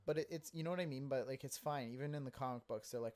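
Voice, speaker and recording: A man co-hosting a podcast in casual chat. He tells animated stories, acts out quotes and laughs often. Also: medium pitch, fast. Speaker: podcast co-host.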